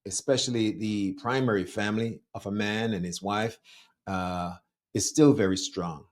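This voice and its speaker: Brief: Jamaican-accented life coach, lowish voice, measured and reflective. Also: male voice, fairly even intonation. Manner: thoughtful, measured explanation. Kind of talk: conversational interview.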